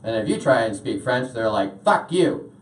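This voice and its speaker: A man's voice: on the low side, fairly even intonation, normal speed. A young man doing a stand-up set, rambling with lots of filler uhs. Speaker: stand-up comedian. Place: small washroom used as a stage. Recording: echoey room, voice from far off.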